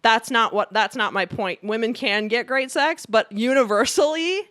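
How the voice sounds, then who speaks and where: A woman's voice: fairly high pitch, moderate pace, fairly bright tone. A woman co-hosting a podcast, talking in blunt, profane casual chat and laughing often as she makes her point. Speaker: podcast co-host.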